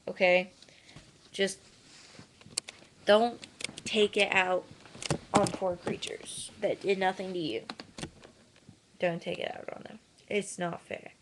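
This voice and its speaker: Slow-talking indignant woman. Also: mid-range voice, background noise. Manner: earnest, indignant and sarcastic. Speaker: animal welfare vlogger. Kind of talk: casual webcam rant.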